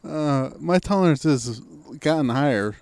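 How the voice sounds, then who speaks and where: A man's voice: fairly high pitch, animated, unhurried, darkish tone, smooth. A man co-hosting a podcast in casual chat, laid-back and wry, swearing freely. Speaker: podcast co-host.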